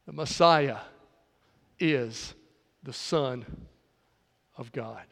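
A man preaching a sermon, with dramatic pauses and shifts between loud and soft passages. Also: high-pitched, lively intonation. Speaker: pastor. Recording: long hall reverb.

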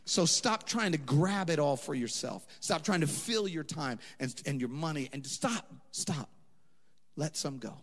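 A man's voice: fairly high pitch, animated, unhurried. A man preaching with impassioned, conversational energy, his voice leaping up at emphatic peaks. The sound carries a long hall reverb around him. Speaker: pastor. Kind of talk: sermon.

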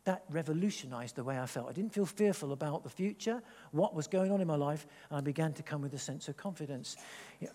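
A man's voice: a little high, fast. Man preaching in an echoey hall. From England. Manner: animated, rambling, with many restarts. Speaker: pastor. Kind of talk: sermon. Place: church hall.

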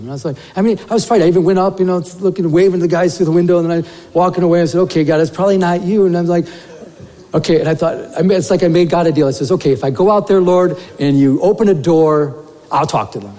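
A male pastor delivers a sermon in a fairly high but mellow voice. He tells his story in an animated, conversational way, full of "you know" asides. His voice rings with the long reverb of a church hall. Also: quick pace.

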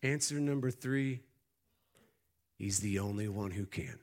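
A male pastor delivers a sermon in an unhurried, lowish voice, building to loud, emphatic peaks before dropping back into quiet, easygoing storytelling.

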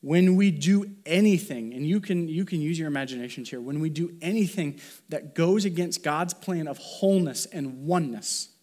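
A man's voice: a little high, moderate pace, mellow. A male pastor delivering a conversational sermon, asking the congregation questions and pressing his points with emphasis. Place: church sanctuary.

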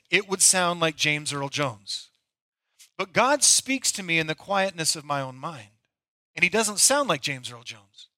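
A man's voice: high-pitched, pushed and bright, dry recording. A middle-aged male pastor delivering a conversational, storytelling sermon.

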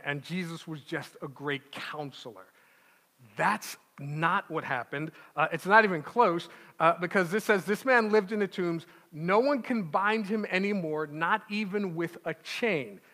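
A man preaching a sermon as pastor, emphatic, with rhetorical "right?" asides and slowing down to stress points, in a church. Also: high voice, sharp tone, big-room sound.

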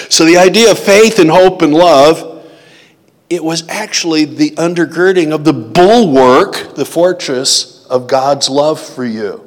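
A man with a fairly high voice preaches a sermon at a measured pace, reading hymns and scripture. He teaches as he goes and puts questions to the congregation, and the recording carries a long hall reverb.

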